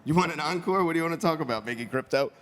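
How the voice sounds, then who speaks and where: A man's voice: on the high side, expressive, racing, a bit bright. A man doing a stand-up comedy set on a conference stage, chatting with the crowd and acting out quoted voices.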